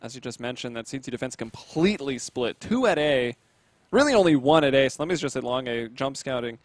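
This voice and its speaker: A man's voice: medium pitch, fairly quick, no room sound. Casual male esports caster at home. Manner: casual, chatty, calls the action with sudden excited bursts. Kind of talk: play-by-play game commentary.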